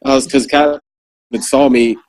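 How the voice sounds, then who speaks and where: A man's voice: medium pitch, normal speed, low-quality recording. A man who served as a Marine corporal, telling war stories in a casual, profane chat. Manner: profane, animated storyteller. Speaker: former Marine corporal, guest.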